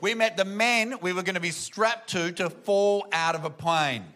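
A man doing stand-up, telling animated family stories and acting out the people in them. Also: high voice, normal speed. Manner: animated, acts out family members in loud voices. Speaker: stand-up comedian. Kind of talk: stand-up storytelling. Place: comedy venue with audience.

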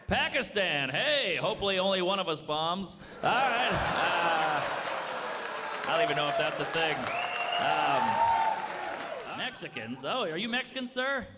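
A man with an American accent doing a wry stand-up set with crowd work on a comedy club stage. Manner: wry, shifts between bright and low asides. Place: comedy club stage before a live audience. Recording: live hall with audience and background noise.

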